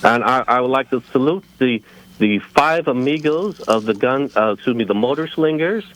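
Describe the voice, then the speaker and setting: A slightly unwell man calling in to a radio show, friendly and hesitant, filling pauses with many ums and uhs. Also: mid-range voice, animated, fairly bright tone, poor audio. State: a little under the weather. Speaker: caller. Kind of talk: call-in radio conversation.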